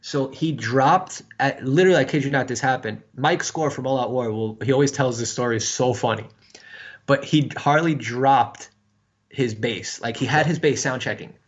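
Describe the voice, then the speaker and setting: A middle-aged man from New York spins an animated, profane story as a podcast guest, his speech full of fillers. His voice sits at an ordinary middle pitch. The recording sounds a little dull and lo-fi. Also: moderate pace. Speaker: guest musician. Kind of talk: casual storytelling in a podcast interview.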